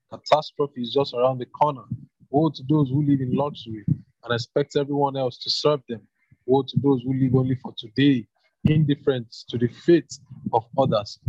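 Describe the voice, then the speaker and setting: A man reading scripture aloud at a brisk, hurried pace. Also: medium pitch, mellow, husky, no room sound, dull audio. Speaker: scripture reader.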